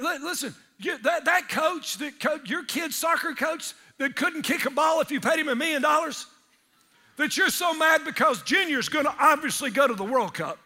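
A male pastor, preaching energetically in church and breaking into shouted asides. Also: very high voice. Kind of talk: sermon.

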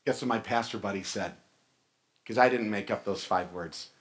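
A male pastor preaching a sermon in a church, animated and asking his congregation questions. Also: fairly low pitch, moderate pace. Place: church sanctuary.

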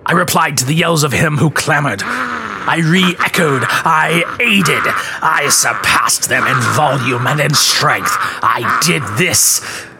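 A man giving a dramatic reading of a gothic tale, dropping to whispers and rising to shouts. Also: on the high side, sing-song, vocal fry, heavy background noise. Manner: slow, theatrical, swings from whispers to shouts. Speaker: narrator. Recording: faint music bed behind the voice.

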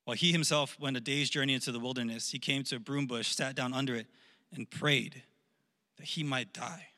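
A man's voice: medium pitch, fairly even intonation, fairly quick, bright, forceful tone. A man in his thirties preaching a casual youth sermon, repeating words and leaning hard on key phrases. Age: 30s. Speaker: youth pastor. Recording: long hall reverb.

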